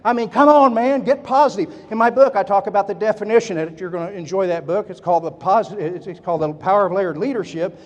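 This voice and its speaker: A middle-aged man giving an energetic motivational speech, telling folksy stories and drawing call-and-response from the audience. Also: sits high, quick pace, few pauses, dull audio. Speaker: motivational speaker. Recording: long hall reverb.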